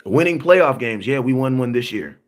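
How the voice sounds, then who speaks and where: Speaking at a normal speed with a medium-pitched voice and lively intonation, this man runs a sports livestream as an animated rant. He repeats himself emphatically, uses plenty of slang, fields viewer comments and often asks "you know what I'm saying."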